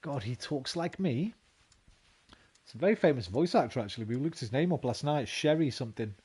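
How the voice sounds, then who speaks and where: A man's voice: medium pitch, lively intonation, fairly quick, dark tone, slightly rough. A man doing casual let's-play commentary, chatty and jokey, reading game text aloud and stumbling over words. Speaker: game streamer.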